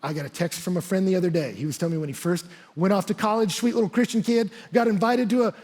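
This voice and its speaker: A man's voice: high voice, fast talker, darkish tone. A man preaching a sermon as a pastor in a church, talking conversationally and acting out quotes and asides.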